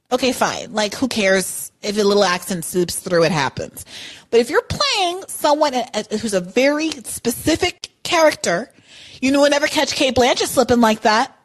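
A woman co-hosting a podcast in casual chat, opinionated and emphatic, with many "like"s and apologies. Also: high voice. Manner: opinionated, emphatic, lots of "like" and "I'm sorry". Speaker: podcast co-host. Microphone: podcast mic.

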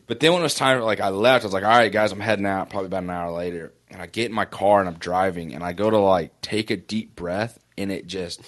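A man with a lowish voice co-hosts a casual sports podcast. He rambles through self-mocking stories. He sounds sore and breathes with effort. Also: fast talker, hardly any pauses, fairly bright tone. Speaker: podcast co-host.

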